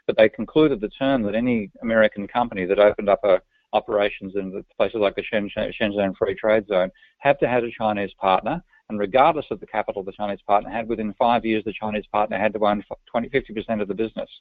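A man's voice: fairly low pitch, steady tone, quick pace, no echo. An Australian man answering interview questions, frank and opinionated, often restarting his sentences. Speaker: guest. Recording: dry, tinny phone-line sound.

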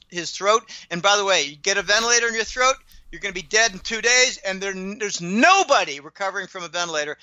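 A man's voice: high-pitched, sharp tone, no echo, highs cut off. A man telling stories in an indignant, rambling monologue, often stumbling and repeating words. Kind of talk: casual ranting monologue.

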